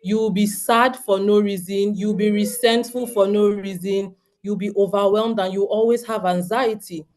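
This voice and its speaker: A woman's voice: medium pitch, a little mellow. A Nigerian woman in her thirties giving an earnest, direct talk to homeschooling parents, often turning to the audience with questions. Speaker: homeschooling speaker.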